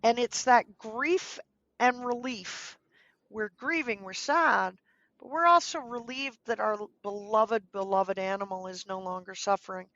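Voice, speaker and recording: A woman guest in a podcast interview, speaking earnestly and gently giving advice, now and then acting out what people might say. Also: mid-range voice, measured pace, dry recording, muffled recording. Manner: earnest, gently advising, acts out quoted speech. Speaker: guest, dog trainer.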